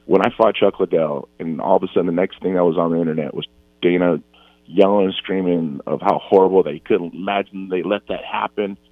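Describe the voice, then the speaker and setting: A man's voice: deep voice, fairly even intonation, brisk, no room sound, phone-quality sound. A man in his forties talking earnestly as an interview guest, often restarting and repeating himself. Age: 40s. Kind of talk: casual interview talk.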